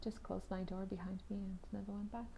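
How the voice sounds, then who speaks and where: A woman's voice: medium pitch, a little fast, gravelly, a little hiss or hum. Chatty woman with half-whispered asides. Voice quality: lively, often drops into soft half-whispered asides. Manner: chatty, with restarts and frequent exclamations. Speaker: vlogger telling her own story. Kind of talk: casual personal storytelling.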